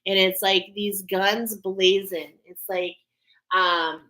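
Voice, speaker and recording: A woman's voice: medium pitch, fairly even intonation, takes it slowly, pushed and bright, rough recording. A woman giving a casual spiritual oracle card reading, talking in an earnest, heartfelt, meandering way. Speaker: intuitive oracle card reader.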